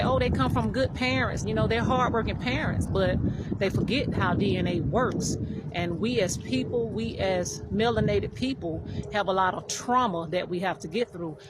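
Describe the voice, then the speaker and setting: A man earnestly preaching his opinion in a casual video recorded outdoors. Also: sits high. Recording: loud wind and traffic noise outdoors.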